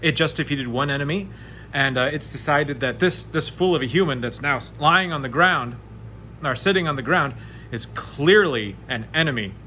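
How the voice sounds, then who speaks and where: A man narrating a solo tabletop game, chatty and animated as he rolls dice aloud. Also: a little high, normal speed, slight background noise. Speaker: game master playing solo.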